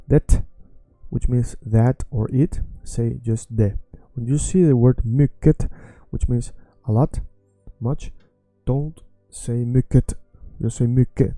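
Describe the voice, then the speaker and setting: A man teaching a language lesson, emphatic and repeating words slowly. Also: mid-range voice, mellow, no echo.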